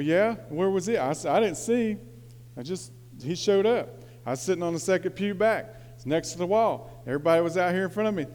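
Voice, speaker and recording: Pastor in his 40s, high voice, sermon in a reverberant church hall; storytelling, shifts between hushed and fired-up. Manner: storytelling, swings from quiet confiding to loud excited preaching.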